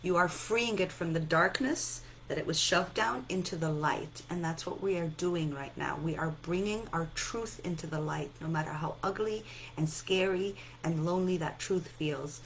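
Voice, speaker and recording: A sleepy woman giving a gentle self-help talk, softly repeating reassuring affirmations. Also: on the low side, normal speed, gravelly, slight background noise, rough recording. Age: adult, a mother. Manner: soft, repetitive, reassuring affirmations. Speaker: self-help and EFT speaker.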